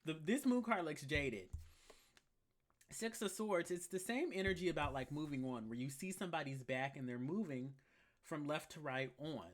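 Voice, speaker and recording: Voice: medium pitch, normal speed. Sassy, emphatic tarot reader. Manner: sassy, emphatic, slangy and blunt; repeats key phrases for emphasis. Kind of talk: live collective tarot reading.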